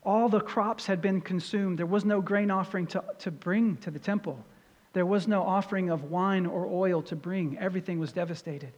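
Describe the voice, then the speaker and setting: A middle-aged man preaching a sermon as pastor, earnest and storytelling, rising in pitch and volume for emphasis. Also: fairly even intonation, normal speed, long reverb tail, muffled recording.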